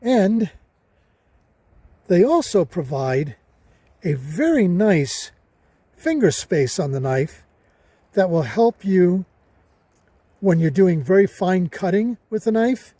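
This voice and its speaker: A man's voice: high-pitched, animated, slow pace, long pauses, mellow, no room sound. An older man reviewing a folding knife while out on a hike, in a casual, emphatic way, stressing words by repeating them. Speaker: hiking vlogger. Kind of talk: casual outdoor gear review. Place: outdoors on a hiking trail.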